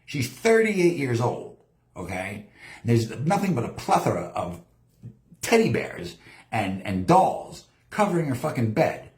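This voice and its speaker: A man rambling through a story on his own live show, cursing constantly and acting out the other people's lines. His voice swings up and down a lot as he tells it. The sound is roomy, with a clear echo around him. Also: mid-range voice, unhurried. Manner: heavy swearing, lively storytelling, acts out quotes. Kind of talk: profane rambling live-stream monologue. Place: home studio.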